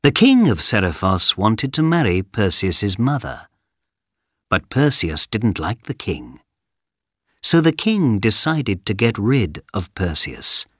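A man narrating a scripted story for a coursebook, clear and deliberate. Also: on the low side, very animated, a bit bright, no echo, clean studio sound.

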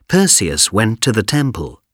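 A man narrates a scripted story for a language coursebook in a clear, deliberate way. His voice is low and his intonation lively, at a slow, careful pace. The recording is close and dry. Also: no echo.

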